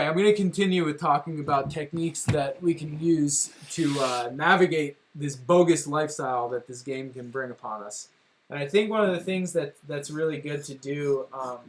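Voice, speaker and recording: A young man chatting casually on a livestream from home, rambling and joking at his own expense. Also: a little high. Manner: rambling, joking, self-deprecating. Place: home room.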